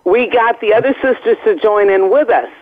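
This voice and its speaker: A woman's voice: fairly high pitch, normal speed. A woman guest talking casually by phone, chatty and laughing often, from outdoors. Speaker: guest singer. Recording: tinny phone line.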